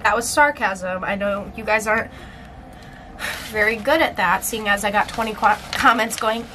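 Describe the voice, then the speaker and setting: A woman's voice: medium pitch, moderate pace, background noise. A young woman vlogging in a casual, chatty way, with plenty of filler words and laughs. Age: young adult. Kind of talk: casual chat.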